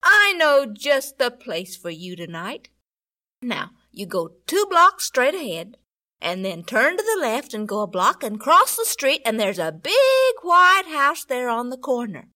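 A woman voicing a tall, kind male policeman who speaks with slow, gentle, reassuring firmness. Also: high voice, huge pitch swings, exaggerated voice. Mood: kindly.

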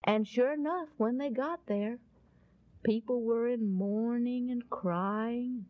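A woman telling a Bible story in a folksy, animated, dramatic way and closing with a gospel appeal, on a dull lo-fi recording. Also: a little high, slow pace, no echo.

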